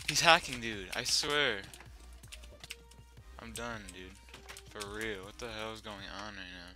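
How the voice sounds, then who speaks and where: A young man casually commenting over his own gameplay, swearing freely and breaking into loud yelling when things go wrong. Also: mid-range voice, lively intonation, measured pace, pauses often, over music. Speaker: gaming channel host.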